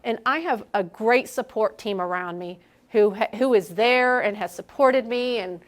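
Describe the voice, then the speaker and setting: A middle-aged woman preaches to a young adults group in a candid, conversational way. She slips into little acted-out versions of her own inner voice as she talks. Her voice sits a bit high for a woman. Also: moderate pace. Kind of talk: sermon.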